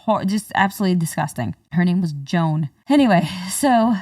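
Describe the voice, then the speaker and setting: Animated woman telling a story, dry room. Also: lowish voice, moderate pace, no room sound. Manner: animated retelling, many fillers and restarts. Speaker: podcast co-host. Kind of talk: casual storytelling conversation. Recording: dry, slightly distant mic.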